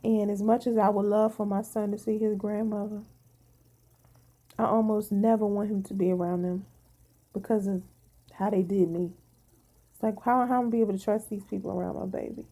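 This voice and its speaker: A woman's voice: medium pitch, fairly even intonation, a little fast, long pauses, dark tone. A woman vlogger venting to her viewers in casual talk, blunt and emphatic, swearing freely, sounding tired.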